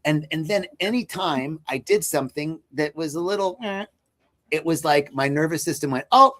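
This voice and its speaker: A man's voice: a little high, moderate pace. Earnest man telling a spiritual story. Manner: earnest, searching, many fillers and restarts. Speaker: podcast guest.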